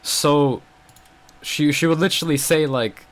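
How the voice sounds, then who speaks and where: Young adult man, casual vlog storytelling, rambling, lots of fillers, frustrated venting, mid-pitched voice. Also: expressive, moderate pace, noisy background. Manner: rambling, filler-heavy, frequent "bro" and "like". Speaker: vlogger.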